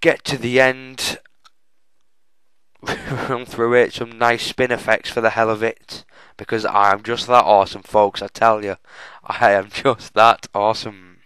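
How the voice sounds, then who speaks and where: A man's voice: fairly low pitch, level tone, a little slow, a bit bright, smooth, no room sound, rough recording. A young man giving chatty, self-mocking walkthrough commentary on a game, often addressing viewers as folks. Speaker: gaming channel host.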